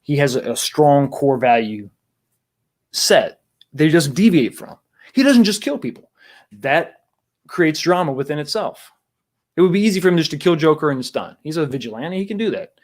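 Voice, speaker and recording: Casting note: male livestream host, slightly higher voice, loose rambling delivery with restarts, chatting to viewers over a webcam mic. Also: animated, moderate pace. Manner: rambling, many restarts, greets chat viewers. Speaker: livestream talk show host. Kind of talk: casual livestream chat.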